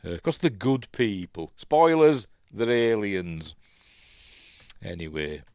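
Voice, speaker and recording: A man's voice: lowish voice, very animated, slow pace, a little mellow, no room sound, clean studio sound. A man with a Yorkshire accent, hosting a chatty live film commentary and rambling as he gets sidetracked. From Yorkshire, England. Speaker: host.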